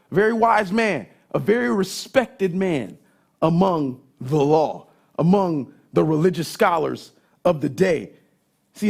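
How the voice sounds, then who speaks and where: A middle-aged male pastor, preaching a sermon and telling a story, his husky voice swinging from loud emphasis to soft asides. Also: high-pitched.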